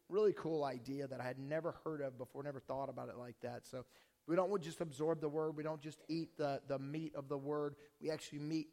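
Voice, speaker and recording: Male pastor, hoarse and strained, chatty sermon delivery, slightly high voice, long reverb. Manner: casual, joking, with many fillers and restarts. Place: church hall before a congregation.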